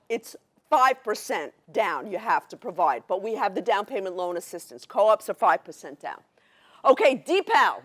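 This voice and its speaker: A middle-aged New Yorker with a Brooklyn accent gives a workshop audience an excited educational presentation. Her voice sits high, and she talks fast with classic New York directness.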